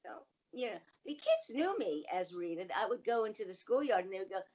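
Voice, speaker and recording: Older female guest, animated storyteller, lo-fi sound. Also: mid-range voice, a little fast. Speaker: guest voice actress. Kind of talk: casual interview chat.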